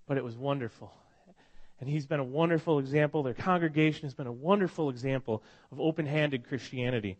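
Pastor with a cold, mid-pitched male voice, casual storytelling sermon with frequent restarts. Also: fast talker. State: has a cold. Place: church congregation meeting in a school.

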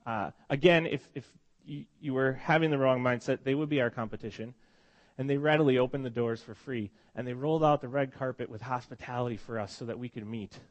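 Pastor with a cold, preaching warmly. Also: male voice, mid-range voice, a little fast, lo-fi sound. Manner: conversational, emotional storytelling with frequent restarts. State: has a cold. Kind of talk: sermon. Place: church congregation meeting in a school.

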